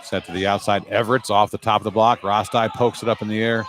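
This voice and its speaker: A man doing live play-by-play commentary as the show's announcer, brisk and chatty, with casual asides between rallies. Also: fairly low pitch, level tone, fairly bright tone, a little hiss or hum.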